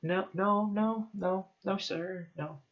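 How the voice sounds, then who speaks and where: A man's voice: sits high, fairly even intonation, takes it slowly, lo-fi sound, voice pushed up. A man voicing a stammering terrified schoolgirl. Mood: pleading. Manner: stammering, begging. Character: scared schoolgirl, pleading and stammering.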